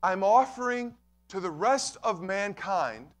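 A man's voice: sits high, lively intonation, takes it slowly. A man pastor preaching a sermon, emphatic and repeating key phrases, addressing listeners as friends.

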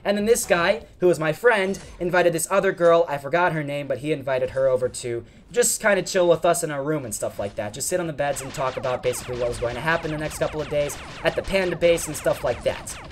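A man's voice: fairly high pitch, quick pace, few pauses, soft background music. A young man, a gaming channel host, telling a long, rambling story over gameplay and often getting sidetracked. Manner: rambling, animated, easily sidetracked.

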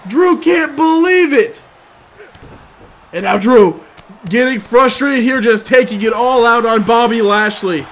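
A man doing sports-style play-by-play commentary, moving from steady calls to loud, shouted excitement. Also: very high-pitched, unhurried, long pauses, a little hiss or hum. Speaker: commentator for his own gameplay video.

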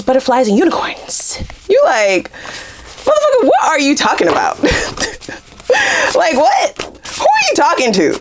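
A woman giving a casual tarot reading to camera, sassy and animated, with frequent laughter and asides. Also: medium pitch. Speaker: tarot reader.

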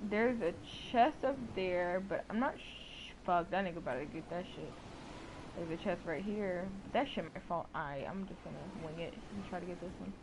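A woman's voice: lowish voice, normal speed, noisy background. A young woman giving casual, profane commentary while streaming a game, often exasperated and talking to her chat. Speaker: gamer streamer.

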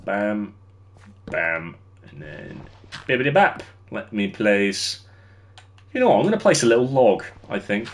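A man's voice: fairly low pitch, sing-song, unhurried, pauses often. A young man streaming a game, chatting with viewers while he builds and laughing easily. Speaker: livestreamer. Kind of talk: casual gameplay commentary.

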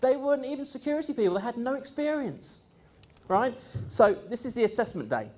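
Man telling animated stories. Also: extremely high pitch, fairly quick. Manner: animated, breaks into laughter, mimics people he quotes; frequent ums and uhs, conversational. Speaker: speaker recounting his experience. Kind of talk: anecdotal storytelling to a live audience.

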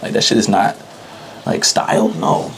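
A man's voice: normal speed, a little hiss or hum, rough recording. A young man talking casually as an interviewee, in loose, slangy speech and often breaking into laughter. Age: young adult. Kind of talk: casual chat.

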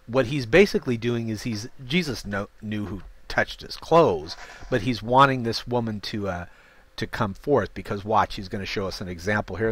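A man's voice: lowish voice, no echo. A man leading a Bible study, reading King James verses aloud and breaking in with informal, chatty asides. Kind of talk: scripture reading with casual commentary.

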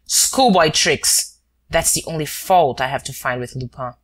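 A woman voicing a proud, calm male detective who speaks in a measured, superior way. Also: low voice.

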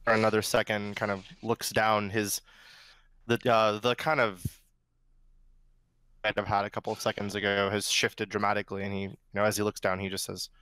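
A man playing in a tabletop game, describing his character quietly and haltingly. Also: flat delivery, clear, resonant tone, dry recording, low-quality recording. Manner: low-key, halting. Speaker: player.

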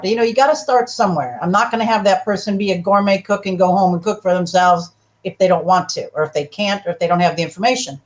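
A woman's voice: mid-range voice, fast talker. A woman, a talk show guest and health practitioner, explaining her work in a casual way and acting out talks with clients. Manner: animated, acts out client dialogues.

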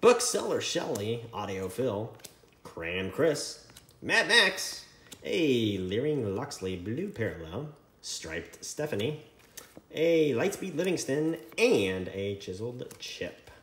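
A man hosting a trading card break, reading out card names in a running list with quick asides. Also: medium pitch, big pitch swings, fairly bright tone. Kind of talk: casual card-opening commentary. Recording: echoey room with faint noise.

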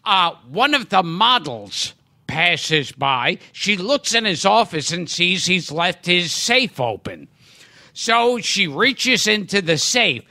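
A man hosting a podcast, telling a long dirty joke with slow, drawn-out comic delivery. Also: sits high, sing-song, sharp tone, dry recording. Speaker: podcast host.

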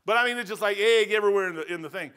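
A middle-aged man preaching a sermon in a church, telling folksy stories, saying "man" often and swinging from loud to quiet. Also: high voice, very fast, smooth. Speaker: pastor. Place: church sanctuary.

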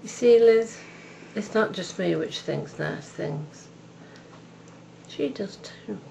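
A woman's voice: medium pitch, slow, creaky, warm tone, a little hiss or hum, rough recording. An older woman speaking at home in a tender, devout personal message, calling the listener love and darling. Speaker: video message sender.

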